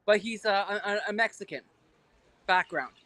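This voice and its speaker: A man's voice: high voice, a little slow, bright, forceful tone, no echo. A man hosting a casual livestream, agreeable and hesitant, often repeating his words. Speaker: livestream host.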